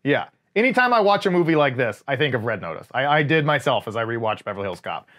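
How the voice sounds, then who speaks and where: A man's voice: mid-range voice, sing-song, quick pace, a bit bright. A man co-hosting a casual movie podcast, rambling and wry, with lots of fillers. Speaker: podcast co-host. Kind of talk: casual movie review chat.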